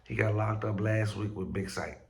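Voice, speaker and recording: A man's voice: fairly low pitch, fairly even intonation, normal speed, vocal fry, a little mellow, slight background noise. A man hosting a street news vlog, talking in a loose, slangy, profane way with stumbles, groggy as if just woken up. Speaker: street news blogger host. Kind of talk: casual vlog commentary.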